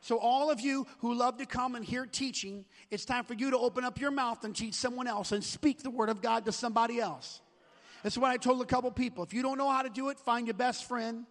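A man's voice: extremely high pitch, steady tone, brisk, a bit bright, long reverb tail. A man preaching as a pastor, urging his congregation and often repeating and restarting his words. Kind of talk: sermon with prayer call. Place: church sanctuary.

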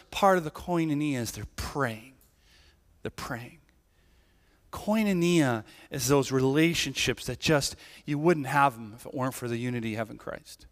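A man's voice: on the high side, fairly bright tone. A male pastor preaching a sermon in a casual, conversational way. He often checks in with "right?" and restarts his sentences. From Irish family background. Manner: conversational, tag questions, many restarts. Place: church sanctuary. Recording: church hall with long reverb.

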